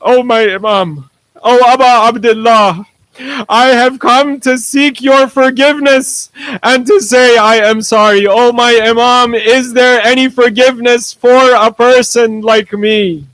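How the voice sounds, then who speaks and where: A man's voice: high voice, takes it slowly, a bit bright, no room sound, low-quality recording. A man voicing a remorseful grown warrior general who pleads earnestly for forgiveness. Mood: pleading.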